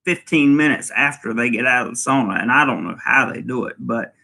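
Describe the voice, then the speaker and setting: A man's voice: medium pitch, brisk, creaky, sharp tone. A man hosting a casual live vlog, reading out viewer comments and rambling with lots of fillers. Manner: rambling, many fillers, chuckles often. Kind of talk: casual live-stream chat.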